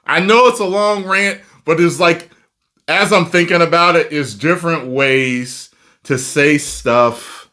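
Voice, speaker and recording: A man with a New Jersey accent hosting a casual reaction video, ranting and laughing as he talks. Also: mid-range voice. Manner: animated, laughing, rambling rants.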